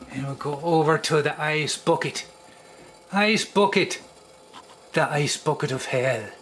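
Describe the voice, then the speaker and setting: A man's voice: fairly high pitch, fairly bright tone, a little hiss or hum. A man hosting a home cookware test vlog, who talks playfully to the pan as if it were a person. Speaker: channel host.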